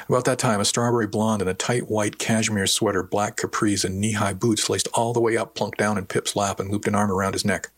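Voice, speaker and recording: A man's voice: fairly low pitch, fairly even intonation, fairly quick, hardly any pauses, breathy edge. A man narrating a story in the first person with dry, wry storytelling. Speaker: audiobook narrator. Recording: dry close recording.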